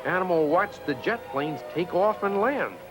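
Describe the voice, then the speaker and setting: A man narrating a children's storybook in an expressive, scripted read-aloud style. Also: high-pitched, moderate pace, music in the background, rough recording.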